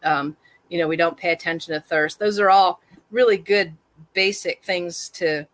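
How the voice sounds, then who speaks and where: Low-voiced woman talking candidly. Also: fairly even intonation, normal speed, fairly bright tone. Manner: candid, self-deprecating, laughs easily. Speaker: guest, trauma awareness activist. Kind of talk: reflective conversational talk.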